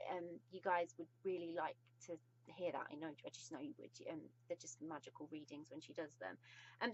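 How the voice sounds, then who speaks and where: Her voice is lowish and the audio lo-fi as this British woman effusively raves about a book in a casual video review, with many pauses along the way.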